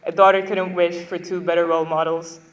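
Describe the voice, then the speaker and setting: A woman's voice: fairly low pitch, little pitch movement, a little fast, big-room sound, a little hiss or hum. A young woman, a graduating student, delivering a prepared graduation speech, heartfelt and a little emotional, with light laughs between her thanks. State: getting emotional.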